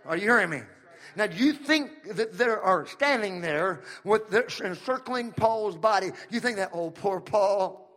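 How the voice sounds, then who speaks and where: A male pastor from Central California preaching a sermon, calling out to the room and repeating his lines as he builds to shouts. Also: sits high. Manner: calls to the room and repeats himself.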